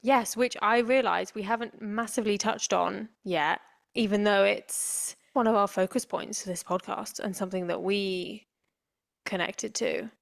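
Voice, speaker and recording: A woman co-hosts a podcast in relaxed conversation. Her voice has a strong gravelly fry, and she speaks candidly, reflecting on herself with a self-deprecating touch. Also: mid-range voice, a little slow. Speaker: podcast co-host. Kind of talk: casual chat.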